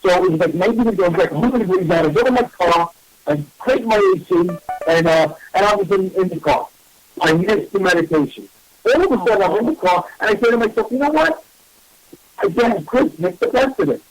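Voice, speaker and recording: A man, a psychic medium hosting a radio show, telling a story in a casual, animated and self-mocking way. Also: high-pitched, a little fast, no echo, poor audio.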